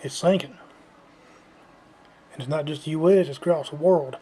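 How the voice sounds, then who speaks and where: A man's voice: fairly high pitch, normal speed, mellow, a little hiss or hum. A man delivering an unscripted, repetitive lecturing rant to his viewers. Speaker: vlogger. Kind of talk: unscripted ranting monologue.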